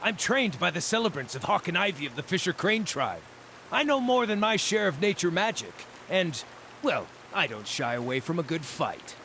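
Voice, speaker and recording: Brief: a small, gleeful druid creature in a game, high and bouncy, game music behind. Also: male voice, moderate pace, slight background noise, heavily acted. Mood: eager. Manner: jovial and relishing, lively sing-song delivery. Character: cheerful small male Orlan druid, gleefully eating raw meat. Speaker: game character. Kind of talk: video game dialogue.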